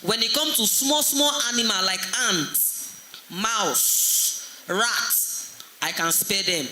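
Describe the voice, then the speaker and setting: A man from Nigeria tells comic school stories to a live crowd, pulling them into call-and-response. His voice sits high, with a piercing brightness. The sound comes from an echoey school hall, with a faint hum of noise behind. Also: takes it slowly. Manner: animated, audience call-and-response. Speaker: comedian and event compere. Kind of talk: stand-up comedy storytelling.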